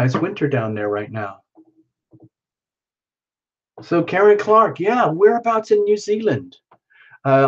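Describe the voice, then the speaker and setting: A man hosting a live tarot reading stream, chatting casually and greeting viewers by name, with excited whoops now and then. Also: on the high side. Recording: dull lo-fi stream audio.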